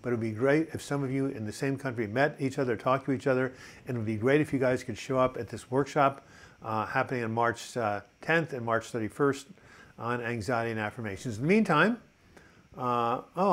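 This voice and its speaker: An older man hosting a mental health live chat talks quickly at medium pitch. He keeps things upbeat and casual, reading viewer comments aloud with frequent fillers.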